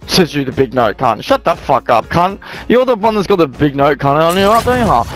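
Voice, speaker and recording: A man's voice: fairly high pitch, big pitch swings, moderate pace, faint music behind. A young Australian man in heated gaming voice chat, swearing and mocking another player. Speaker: online game player.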